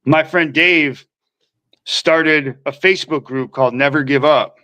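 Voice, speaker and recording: Now he's unhurried, his slightly high voice bright and forceful on a rough recording. As a podcast guest from Minnesota, he tells his recovery story casually, rambling in slang and acting out what people told him.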